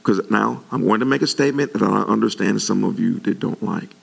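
Fairly quick and animated, a male preacher addresses his congregation in a very gravelly, low-sitting voice with a rough edge. When he gets worked up, his pitch jumps up sharply.

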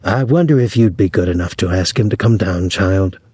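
A man's voice: low voice, moderate pace, a little mellow, slightly rough, dry recording, studio quality. A man voicing a burly priest with a round, assured voice. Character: burly, red-faced priest, assured middle-aged man.

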